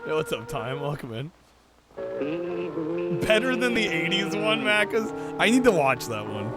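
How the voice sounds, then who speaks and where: Animated male streamer joking over a film. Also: fairly high pitch, normal speed. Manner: joking and chatty, greeting chat. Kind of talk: casual reaction commentary. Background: film soundtrack music.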